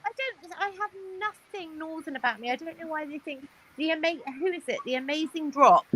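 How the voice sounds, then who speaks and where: A woman's voice: high voice, a little fast, sharp tone, rough recording. A woman from southern England with a southern English accent, chatting casually and effusively. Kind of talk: casual chat.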